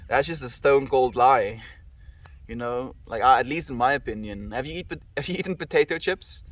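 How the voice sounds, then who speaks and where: A man's voice: mid-range voice, moderate pace, far from the mic. A man with a South African accent, livestreaming and casually reading out and answering viewers' comments by name.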